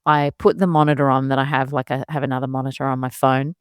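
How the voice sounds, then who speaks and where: Woman in her 30s, low register, dry close sound; chatty mum-storyteller, animated, laughs easily, plays out her own thoughts. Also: fast, clear, resonant tone, no echo. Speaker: podcast host and mother. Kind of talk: casual storytelling monologue.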